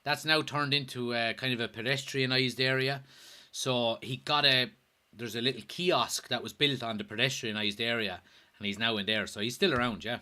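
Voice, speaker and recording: A man's voice: medium pitch, fairly even intonation, normal speed, pushed and bright. An Irish man hosting a casual football watchalong livestream, joking, swearing and reading viewer comments aloud. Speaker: host.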